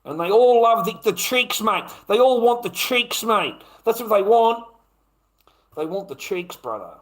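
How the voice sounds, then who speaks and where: A man's voice: high voice, expressive, a little slow, a bit bright, low-quality recording. A middle-aged man with an Australian accent, ranting crudely and at length on a livestream, swearing constantly and tagging his lines with "mate". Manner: crude, profane, rambling, keeps tagging "mate". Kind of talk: rambling monologue on a livestream.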